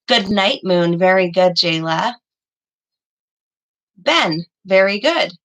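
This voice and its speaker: Over a video call, a woman teaches young children online, patiently encouraging them and praising each student by name. She's an elementary school teacher with a medium-pitched, slightly bright voice and lively intonation, speaking slowly. The recording is rough.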